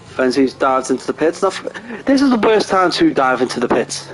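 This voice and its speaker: A man giving casual live sim racing commentary, excitable and jokey, often laughing at his own crude remarks. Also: mid-range voice, brisk, low-quality recording. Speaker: race commentator.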